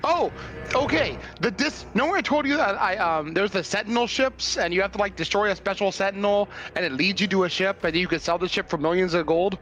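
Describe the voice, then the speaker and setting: A man's voice: high-pitched, brisk, a bit bright, soft background music, low-quality recording. A man chatting casually and eagerly, jumping in to explain things to a friend. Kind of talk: casual chat.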